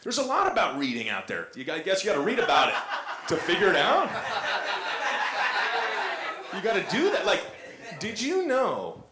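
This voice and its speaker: A young man doing a stand-up comedy set, rambling and self-mocking with lots of fillers. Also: sits high. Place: comedy club stage with audience. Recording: echoey club, audience noise.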